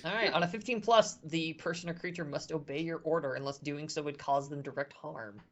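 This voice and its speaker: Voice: medium pitch, fairly quick, dull audio. A game master narrating a horror tabletop game in a loose, chatty way with lots of fillers.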